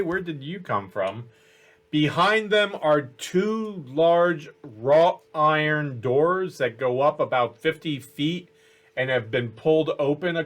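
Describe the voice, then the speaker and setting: A man narrating as game master of a tabletop game, in a halting way with many fillers. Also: fairly high pitch, a bit bright.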